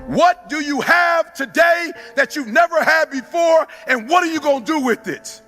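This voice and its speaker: Male motivational speaker with a very high voice, fervent and shouting, plainspoken, faint music behind. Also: lively intonation, moderate pace. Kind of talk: impassioned motivational speech.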